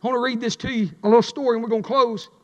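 A man preaching a fiery sermon, chanting and swinging between shouted lines and a low drawl. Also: fairly even intonation, racing, highs cut off. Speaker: pastor. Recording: echoey church hall.

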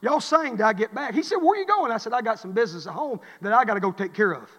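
A middle-aged man, a pastor preaching a sermon, swinging between fervent, rising exhortation and quiet storytelling. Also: high voice, expressive, fast, long reverb tail, lo-fi sound. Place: church.

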